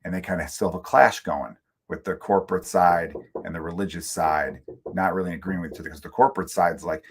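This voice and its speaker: A man's voice: sits low, steady tone, brisk, a little hiss or hum. A middle-aged man hosting his own comedy podcast from home, rambling through opinions in a casual rant and swearing freely. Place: room at home.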